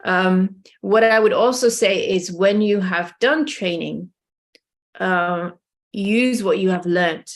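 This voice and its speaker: A woman from the Netherlands answering interview questions as a missionary guest, earnest and hesitant with many pauses. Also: medium pitch.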